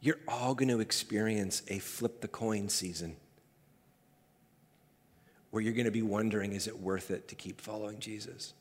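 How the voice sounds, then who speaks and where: A man preaching a sermon as pastor, emphatic and building to loud peaks. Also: fairly low pitch. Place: church sanctuary. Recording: hall reverb.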